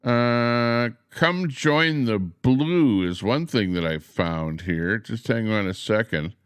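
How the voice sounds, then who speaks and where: A man hosting a livestream outdoors beside trees, chatting in a meandering way with lots of pauses and filler words. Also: medium pitch, smooth, no echo, studio quality. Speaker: livestream host. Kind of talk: rambling casual livestream chat.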